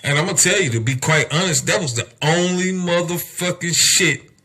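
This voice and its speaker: A man's voice: a little high, normal speed, bright, forceful tone, breathy edge. A young adult man hosting a podcast, delivering a heated, profane rant full of rhetorical questions. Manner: heated, emphatic, heavy cursing, rhetorical questions. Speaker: podcast host.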